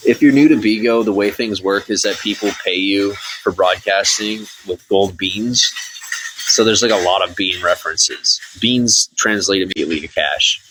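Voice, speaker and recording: A man's voice: on the low side, normal speed, a bit bright, a little hiss or hum, low-quality recording. A man chatting casually on a live stream from his phone, rambling and reading viewer comments aloud.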